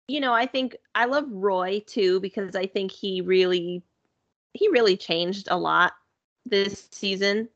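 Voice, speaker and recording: A woman's voice: mid-range voice, fairly bright tone, no echo. Chatty woman, slightly muffled dry sound. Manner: chatty, upbeat, lots of "like" and "you know". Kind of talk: casual chat.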